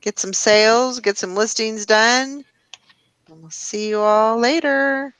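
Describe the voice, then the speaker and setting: Clear-voiced woman hosting a relaxed call. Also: fairly high pitch, slow, no echo, rough recording. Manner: relaxed, rambling with fillers. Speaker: host. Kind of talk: casual group chat on a live show.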